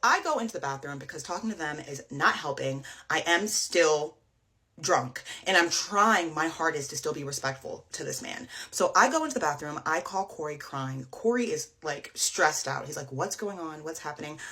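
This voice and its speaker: A woman's voice: low voice, expressive, sharp tone. Woman telling a tense story, casual. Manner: emotional, fast, filler-heavy retelling. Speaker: storyteller guest.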